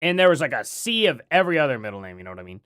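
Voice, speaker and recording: A man's voice: mid-range voice, big pitch swings, very fast, fairly bright tone, smooth. A man live streaming casual commentary, rambling with lots of fillers and chuckles.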